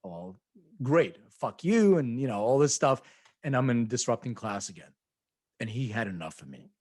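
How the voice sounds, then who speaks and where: A man's voice: mid-range voice, expressive, brisk, darkish tone, dry recording. A man co-hosting a podcast, telling rambling anecdotes in casual chat, acting out quoted voices and laughing often. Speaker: podcast co-host.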